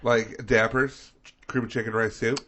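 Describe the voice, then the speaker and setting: A man's voice: mid-range voice, little pitch movement, moderate pace, sharp tone. A man co-hosting a comedy podcast who tells stories in casual chat, teasing and laughing. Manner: storytelling, teasing, laughs often. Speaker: podcast co-host.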